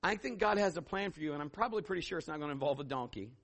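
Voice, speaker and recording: A middle-aged man preaching a sermon as pastor, telling stories and acting out voices with sudden loud bursts. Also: fairly high pitch, lively intonation, rapid-fire.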